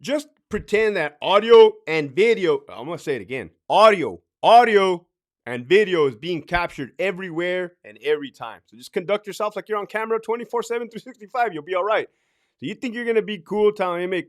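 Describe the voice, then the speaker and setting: A man's voice: high-pitched, lively intonation, fast. A middle-aged man and former corrections officer giving blunt, profane advice in a casual monologue. He laughs often and acts out other people's lines.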